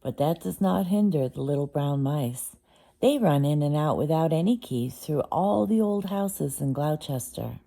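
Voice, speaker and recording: Slow low-voiced woman reading a storybook. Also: expressive, gravelly, dark tone. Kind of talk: storybook read-aloud.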